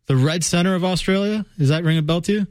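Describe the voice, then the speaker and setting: Male radio co-host, slightly high voice, playful quick banter, dry studio sound. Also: darkish tone, clean tone, dry recording. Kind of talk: casual on-air chat.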